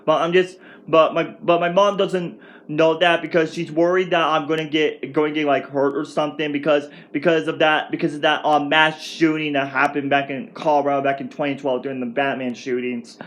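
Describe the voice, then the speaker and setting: A man in his twenties telling a rambling, excitable storytime rant at home for his vlog, restarting his sentences often. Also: a little high, brisk. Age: 20s. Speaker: vlogger.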